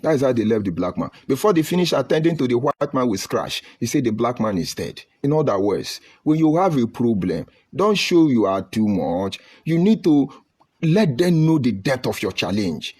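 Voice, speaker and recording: A man's voice: mid-range voice, big pitch swings, normal speed, a little mellow, husky. A man giving an impassioned political speech with a preaching, rhetorical delivery and emphatic lists. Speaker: political speaker.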